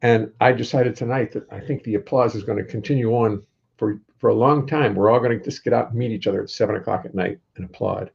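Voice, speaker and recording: A man's voice: on the low side, fast talker, vocal fry, a little mellow, slightly rough, lo-fi sound. An older man hosting a casual livestream from his home, rambling in a wry way and greeting viewers by name.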